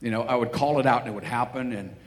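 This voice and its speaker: A man's voice: medium pitch, fast. A man preaching a sermon, telling Bible stories and acting out the voices of the people in them. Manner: storytelling, acting out voices in quotes. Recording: long hall reverb, faint ambient noise.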